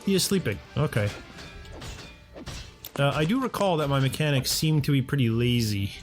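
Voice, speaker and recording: Man, let's play commentator, mid-pitched, chatty and self-talking, faint music underneath. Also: big pitch swings, normal speed. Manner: chatty, talks to himself and his game characters. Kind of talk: casual gameplay commentary. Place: home condo.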